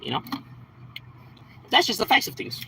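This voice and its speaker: A man's voice: normal speed, pushed and bright, a little hiss or hum, rough recording. A man on a casual livestream, talking to his chat in slang and profanity, often saying "bro" and "homie" and laughing as he talks. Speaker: live streamer.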